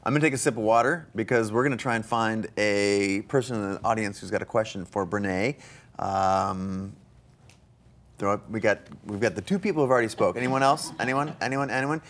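A man hosting a live studio interview, talking enthusiastically with quick asides. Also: lowish voice. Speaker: host.

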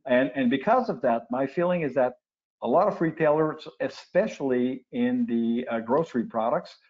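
Older francophone man, expert guest, halting restarts, muffled webinar sound. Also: medium pitch, darkish tone. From Quebec, Canada. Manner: explanatory, with frequent restarts and uh fillers. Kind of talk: webinar interview answers. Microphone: video call. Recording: lo-fi webinar audio.

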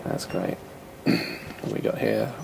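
A man's voice: takes it slowly, heavy background noise. A man commentating a horror game, jumpy, swearing a lot and laughing nervously. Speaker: gamer.

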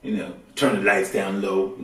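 A deep-voiced man works through a stand-up routine at a moderate pace, chatting in a relaxed, colloquial style full of lively shifts. Background noise is present, and the far-off mic picks up the roomy feel of the club.

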